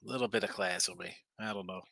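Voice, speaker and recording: Tired, slangy betting-stream host; bright voice, dry close sound. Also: male voice, sits low, fast talker, vocal fry, no room sound. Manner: laid-back, rambling, slangy, reads chat aloud. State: tired, yawning, injured arm. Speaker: sports betting show host. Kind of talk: casual live-stream chat reading viewer comments.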